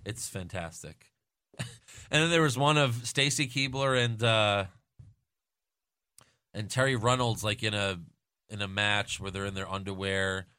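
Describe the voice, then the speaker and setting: A man's voice: fairly low pitch, a little slow, pauses often, bright, forceful tone, smooth, dry recording, clean studio sound. A man co-hosting a podcast in casual banter, teasing and swearing, sneezing with hiccups. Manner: profane, teasing, rambling. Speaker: podcast co-host.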